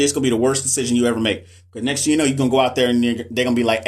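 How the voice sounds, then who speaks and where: A man's voice: medium pitch, fairly even intonation, rapid-fire, hardly any pauses. A man who is a nurse educator, chatting casually with viewers on a live stream, loose and slangy, often repeating himself. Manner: loose, slangy, repeats phrases, talks straight to chat. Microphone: phone or webcam for a live stream.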